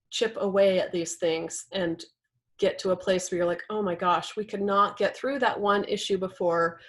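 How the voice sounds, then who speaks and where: A young adult woman instructor teaching a class in a conversational way, often checking in with "right?" and acting out example quotes. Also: lowish voice. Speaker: workshop instructor.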